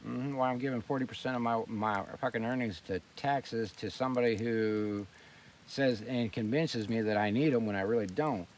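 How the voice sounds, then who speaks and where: A blunt, foul-mouthed man rants by a campfire, his voice at an everyday middle pitch. He sits back from the mic, so he sounds a little distant, with faint outdoor noise around him. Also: normal speed. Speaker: host. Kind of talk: fireside rant.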